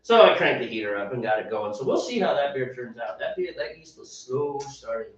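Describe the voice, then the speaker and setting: A man's voice: mid-range voice, very animated, a little fast. A man co-hosting a homebrewing show, chatting in a playful, joking way. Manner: playful, joking, laughing easily. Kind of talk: casual chat. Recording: roomy, distant, dull sound.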